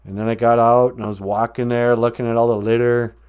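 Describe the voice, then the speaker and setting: A man hosting a podcast, telling jokes and stories in a dry, deadpan way. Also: mid-range voice, a little fast, smooth. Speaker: podcast host and storyteller. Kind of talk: comedic banter.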